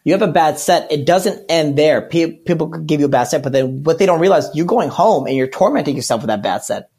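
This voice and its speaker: Comedian guy on a podcast, rambles, honest and loose, slightly high voice. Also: lively intonation, brisk, a little mellow, breathy edge. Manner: rambling and candid, with self-corrections. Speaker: guest comedian. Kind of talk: casual podcast chat.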